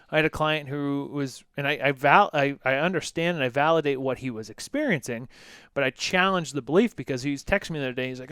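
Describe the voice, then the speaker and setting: Animated male fitness coach, dry close mic. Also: mid-range voice, fast talker, clear, resonant tone, no room sound. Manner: animated, acts out quotes in lively voices. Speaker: fitness coach and podcast co-host. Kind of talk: casual podcast conversation.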